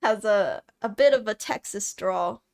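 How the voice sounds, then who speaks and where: A woman's voice: mid-range voice, a little slow, darkish tone. A young woman with a Californian accent chatting casually on a live stream, reading out and answering comments, often laughing and restarting her words. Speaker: VTuber streamer.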